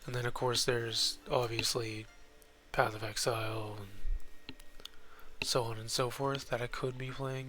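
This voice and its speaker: A man's voice: mid-range voice, fairly even intonation, unhurried, background noise. A young man giving casual let's-play commentary at a desk mic, rambling and muttering asides as he plays. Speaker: gaming YouTuber.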